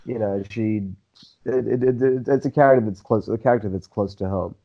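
A man from South Africa with a lightly worn South African Indian accent, telling stories in a relaxed, rambling way as an interview guest. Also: fairly low pitch, normal speed, lo-fi sound. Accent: South African Indian, diluted. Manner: relaxed, rambling with restarts and fillers. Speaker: guest, actor. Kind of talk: casual interview storytelling.

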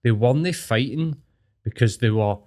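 A man's voice: medium pitch, moderate pace, a little mellow. A young Scottish man in casual conversation, talking bluntly and opinionated, swearing freely. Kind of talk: casual chat.

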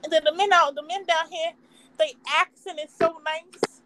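A young woman talks in a high, bright voice, chatty and easygoing. She strings her thoughts together with "like" and "you know," laughing as she goes. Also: steady tone, normal speed, low-quality recording. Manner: chatty, laughs often, lots of "like". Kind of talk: casual chat.

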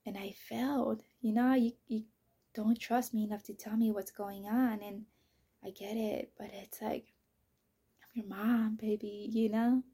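Raw, gravelly-voiced mother telling her story. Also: a little high, steady tone, normal speed. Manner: raw, emotional, swings from loud outbursts to near-whisper. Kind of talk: personal storytelling podcast. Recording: voice message.

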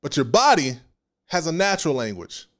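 A man preaching a casual sermon in an animated, playful way, with slang and frequent laughs. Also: on the high side, normal speed.

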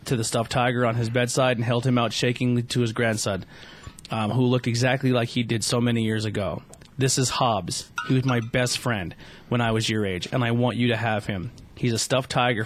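A man's voice: medium pitch, fairly even intonation, fairly quick. Man stumbling through a read-aloud. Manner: stumbling read-aloud with frequent restarts and fillers. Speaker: podcast host. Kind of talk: casual chat, reading a story aloud.

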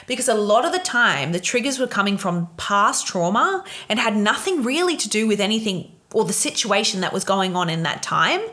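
A woman's voice: mid-range voice, big pitch swings, normal speed, hardly any pauses, pushed and bright. A young woman hosting a solo podcast, talking frankly and emotionally about relationships and swearing freely. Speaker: podcast host. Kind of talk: candid solo podcast monologue.

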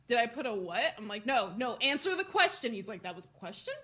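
A young woman co-hosting a podcast, telling a story in a casual, animated way, with lots of swearing and laughter. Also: mid-range voice, fast. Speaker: podcast co-host.

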